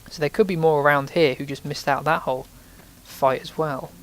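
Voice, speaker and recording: A man's voice: on the high side, fairly even intonation, fairly quick. A man giving rambling, casual commentary while playing a video game, sometimes swearing when startled. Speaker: let's play host.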